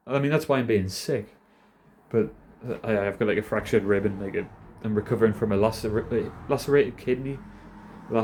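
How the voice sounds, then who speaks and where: A man's voice: fairly low pitch, dark tone. A man in his thirties with a Geordie accent, rambling casually and self-deprecatingly to camera, swearing a lot. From North East England. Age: 30s. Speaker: vlogger.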